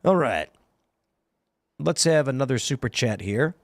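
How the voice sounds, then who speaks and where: A man's voice: mid-range voice, measured pace, no echo. A man hosting a political panel show, talking animatedly and slipping into impressions of the people he quotes. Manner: animated, mimics others' voices mid-story. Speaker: show host.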